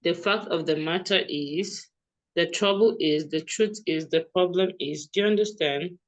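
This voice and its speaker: A woman's voice: on the low side, normal speed, low-quality recording. A woman tutoring English grammar over a video call, explaining patiently and often checking that her student understands. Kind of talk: online one-to-one grammar lesson.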